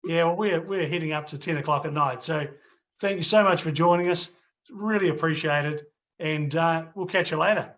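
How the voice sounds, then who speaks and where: A man's voice: on the high side, normal speed, fairly bright tone. A middle-aged man hosting a casual interview, rambling, restarting and repeating his phrases. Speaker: host. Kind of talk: casual video interview and wrap-up to viewers.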